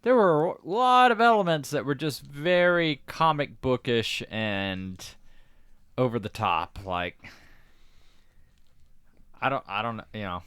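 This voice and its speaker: Podcast dude, smooth clear voice, really animated pitch, wry jokey comments. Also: male voice, slow pace, pauses often, no room sound. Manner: wry, joking asides. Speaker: podcast co-host. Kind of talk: casual chat.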